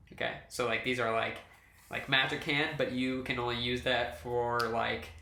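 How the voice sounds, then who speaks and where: Bright-voiced man running a tabletop game. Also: mid-range voice, echoey room. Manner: rambling, many fillers and restarts. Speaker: game master. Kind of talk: explaining game rules casually. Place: room shared with players.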